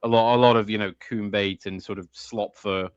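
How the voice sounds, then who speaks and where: A man's voice: on the low side, steady tone, normal speed, clear, resonant tone, no room sound, muffled recording. A man as a guest in a casual conversation, playful and teasing, often stammering into restarts. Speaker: podcast guest.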